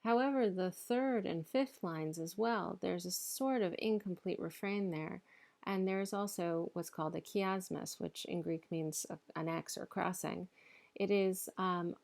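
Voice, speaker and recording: A woman's voice: on the low side, measured pace, vocal fry, darkish tone. A woman giving a recorded literature lecture, explaining over slides and reading verse aloud in rhythm.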